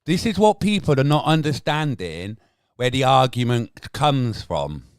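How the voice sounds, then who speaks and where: A man's voice: mid-range voice, sing-song, unhurried, smooth, dry recording, studio quality. A man, bluntly arguing with his chat on a casual livestream and swearing now and then. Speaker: livestream host.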